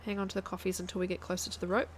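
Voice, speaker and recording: A woman's voice: lowish voice, level tone, racing, a little hiss or hum. A woman, chatting casually to her viewers while playing a game on a live stream and thinking aloud. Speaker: guest streamer.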